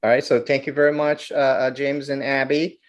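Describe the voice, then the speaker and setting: A man from Brazil, a guest filmmaker telling stories in an interview, animated and often repeating words as he goes. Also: medium pitch, normal speed. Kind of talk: storytelling interview.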